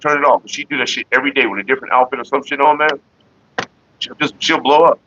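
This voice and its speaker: A middle-aged man hosting a casual livestream, talking in a rambling, profane way with animated retellings. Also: medium pitch, fast talker, muffled recording, a little hiss or hum. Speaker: livestream host.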